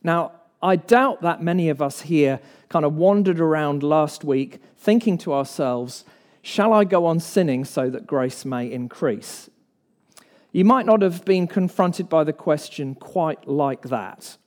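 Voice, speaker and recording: A man's voice: fairly high pitch, a little mellow. A man preaching an evening sermon in church, earnest and emphatic, posing rhetorical questions to the congregation.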